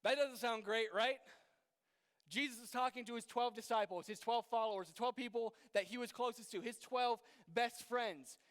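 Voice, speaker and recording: A young man speaking as a youth pastor, with a very high, smooth, resonant voice that carries through a hall with long reverb. He preaches casually, with fillers and questions aimed at his listeners. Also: moderate pace, fairly bright tone. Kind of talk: youth group sermon.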